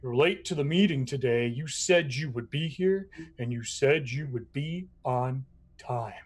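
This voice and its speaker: A man voicing a hulking, bloated brute who talks curtly and gruffly in a tabletop game. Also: medium pitch, unhurried. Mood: impatient.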